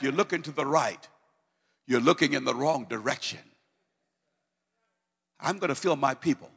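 A man preaching a sermon, moving from calm teaching to loud, fervent declarations full of repetition. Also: medium pitch, normal speed, vocal fry, long pauses, slightly rough, long reverb tail.

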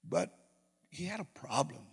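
A man's voice: fairly high pitch, animated, moderate pace, creaky, husky. A middle-aged man, a pastor, preaching a sermon in a storytelling way, acting out conversations and often restarting his sentences. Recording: reverberant hall.

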